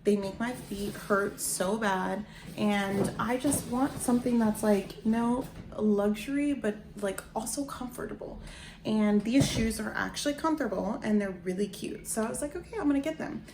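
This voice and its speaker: A woman's voice: medium pitch, moderate pace. Effusive woman vlogger talking to camera, lots of "like", roomy echo, faint hiss. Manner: chatty, effusive, lots of "like" and "guys". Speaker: lifestyle vlogger. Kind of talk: casual chat to camera.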